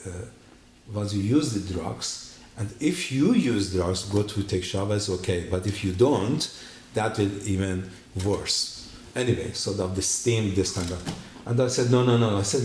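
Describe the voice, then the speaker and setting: A man giving his personal testimony at a church, telling his story in an animated way and acting out the dialogue. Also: on the low side, a little hiss or hum. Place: church hall. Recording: echoey room.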